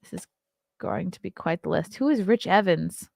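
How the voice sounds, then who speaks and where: A woman in her thirties chats casually as host of her own livestream, reading bits aloud and reacting as she goes. Her voice has a gravelly fry in it. The sound is dry and close, with no room around it. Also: on the low side, animated, moderate pace, darkish tone, no echo. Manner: chatty, reads aloud and reacts, yawning. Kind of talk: casual solo livestream chat.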